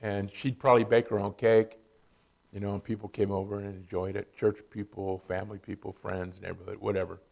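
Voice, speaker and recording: A man's voice: lowish voice, little pitch movement, a little fast, vocal fry, a little mellow. A man from Southern California telling personal stories at a church in a casual, conversational way. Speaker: church speaker.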